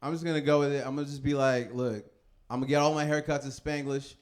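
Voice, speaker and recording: A man in his thirties doing a stand-up comedy set, telling loose, laughing stories and switching quickly into other people's voices. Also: medium pitch, steady tone.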